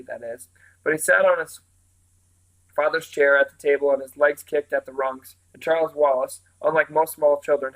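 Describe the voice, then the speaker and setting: A man reading a novel aloud, his voice pitched a little high. He tells the story at a steady, even pace. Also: poor audio. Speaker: reader.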